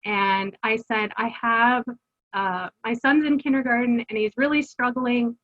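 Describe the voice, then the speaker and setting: A woman's voice: on the high side, fairly even intonation, measured pace, dull audio, a little hiss or hum. A middle-aged woman telling her family's story as an interview guest, earnest and conversational, with fillers and restarts. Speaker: guest, homeschooling mother. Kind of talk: candid personal storytelling.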